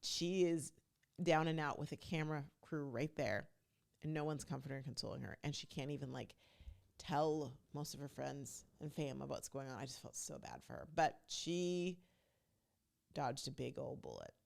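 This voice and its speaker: A woman with a low voice and a gravelly edge hosts a casual talk podcast. She is chatty and emphatic and speaks straight to her listeners. Her delivery stays loose and conversational throughout. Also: animated, normal speed, a little mellow. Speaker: podcast host. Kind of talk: casual reality TV recap commentary.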